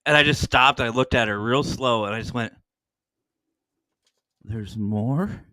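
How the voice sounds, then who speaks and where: A man hosting a podcast in casual chat, joking and swearing freely as he tells animated stories. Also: mid-range voice, fairly quick, clear, resonant tone, no echo. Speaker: podcast host.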